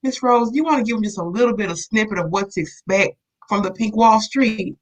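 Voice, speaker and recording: A woman's voice: mid-range voice, fairly quick, low-quality recording. A woman co-hosting a live online show, upbeat and encouraging as she urges viewers to sign up. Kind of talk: casual live promotional chat.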